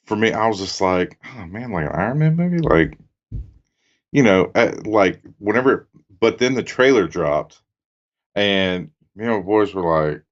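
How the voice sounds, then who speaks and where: A man in his thirties, co-hosting a podcast in casual, laid-back chat. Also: sits low. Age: 30s. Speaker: podcast co-host. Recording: dull lo-fi sound.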